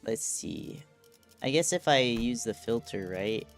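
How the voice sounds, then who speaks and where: Slow, rambling man streaming a game. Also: mid-range voice, expressive, creaky. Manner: rambling, self-deprecating, laughs at himself. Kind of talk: casual gameplay commentary. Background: game music.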